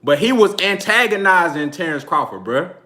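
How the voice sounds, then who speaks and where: A man in talks boxing on a live stream in a loose, slangy, laid-back way, often breaking into laughter. His voice sits a little high and rings very bright. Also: very animated, moderate pace. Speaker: boxing channel host. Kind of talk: casual live-stream commentary.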